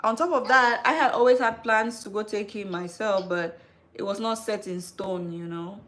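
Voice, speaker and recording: Woman in her 30s, live-stream host, lively storyteller, casual chat. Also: mid-range voice, normal speed. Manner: animated storytelling, calls listener "girl".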